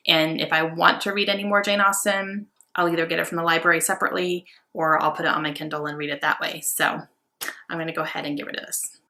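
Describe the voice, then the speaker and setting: A young adult woman chatting casually and excitably about her books, with many fillers. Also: fairly low pitch. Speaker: book vlogger. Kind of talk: casual book haul chat.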